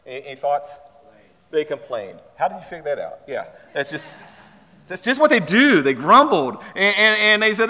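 A man's voice: sits high, very animated, normal speed, bright, forceful tone, long reverb tail. A man preaching a sermon to his congregation, repeating words and firing questions at them. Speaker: pastor. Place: church sanctuary.

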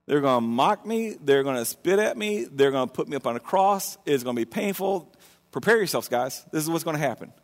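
Man putting on a calm, grave Jesus in a sermon retelling, high-ish voice, long reverb. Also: brisk. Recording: long reverb of a large hall.

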